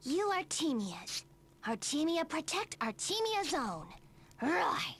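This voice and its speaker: A woman's voice: high-pitched, very animated, slow pace, fairly bright tone, heavily acted. An actress playing an earnest female companion in a video game, who talks in broken third-person sentences. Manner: broken grammar, refers to herself by name.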